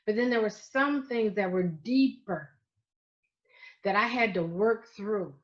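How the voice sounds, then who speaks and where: A middle-aged woman with a Southern US accent speaks in a mid-range voice, earnest and emphatic as a life coach. She repeats her points and slows to lean on the key phrases. The audio is a bit dull and muffled. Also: medium pitch. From Florida, United States. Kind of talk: livestreamed masterclass talk.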